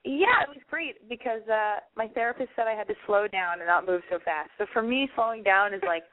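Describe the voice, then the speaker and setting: A woman's voice: medium pitch, brisk. Brash woman podcast host, phone-thin sound. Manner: brash, profane, rambling and playful. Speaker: podcast host giving dating advice. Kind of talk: casual call-in advice chat. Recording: phone-like narrow band.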